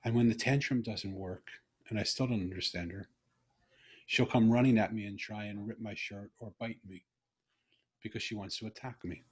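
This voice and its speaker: A middle-aged man hosting a video call conversation, telling a personal story earnestly and growing animated when he quotes himself. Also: lowish voice, normal speed, husky. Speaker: interview host.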